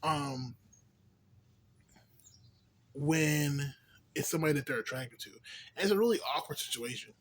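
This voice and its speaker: A man's voice: fairly high pitch, expressive, measured pace, long pauses, a little hiss or hum. A young man, a little tipsy from beer, talking loosely in a rambling vlog monologue with lots of slang, fillers and swearing. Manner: loose, profane, filler-heavy slang talk. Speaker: vlogger.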